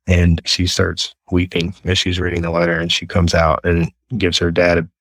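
A man's voice: sits low, normal speed, no echo. A middle-aged man from Texas, telling stories earnestly as an interview guest. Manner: earnest, animated storyteller. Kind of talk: storytelling interview.

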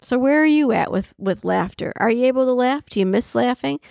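A middle-aged woman hosting a podcast, talking candidly in a chatty, reflective way and often laughing, her voice leaping up in pitch for emphasis. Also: animated, a little fast, gravelly, a little mellow, no echo, studio quality. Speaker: podcast host. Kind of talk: reflective solo podcast monologue.

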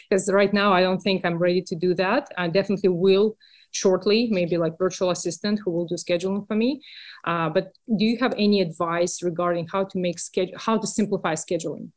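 Imagine a woman from Russia who is a guest on a podcast, speaking English with a Russian accent. Her voice is fairly low, and she talks earnestly and openly, pausing now and then. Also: steady tone. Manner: earnest, candid, slightly hesitant. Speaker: cleaning business owner, guest. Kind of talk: podcast interview.

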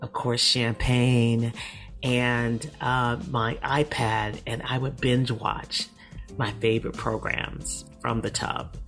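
Low husky-voiced woman, slow and sultry. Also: faint music behind. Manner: sultry, relaxed storytelling with laughs. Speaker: podcast co-host. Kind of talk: casual chat.

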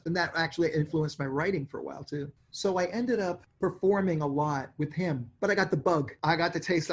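Brief: man, 60s, from New York, lively anecdotal interview guest, slightly higher voice. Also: breathy edge. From New York, USA. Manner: animated, acts out his own thoughts in quick asides. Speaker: interview guest, songwriter and producer. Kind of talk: conversational storytelling.

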